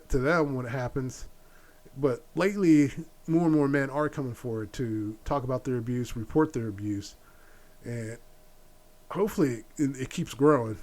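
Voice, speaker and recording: A man's voice: medium pitch, a little mellow. A middle-aged man hosting a solo opinion podcast, blunt and exasperated, repeating his points. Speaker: podcast host.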